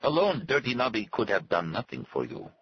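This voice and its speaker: A man's voice: fairly low pitch, huge pitch swings, brisk, vocal fry, slightly rough, highs cut off, voice pushed up, heavily acted. A man voicing a sad, haughty native servant who speaks in formal, stately phrases. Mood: solemn. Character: solemn, haughty male native servant and guide. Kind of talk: audiobook character voice.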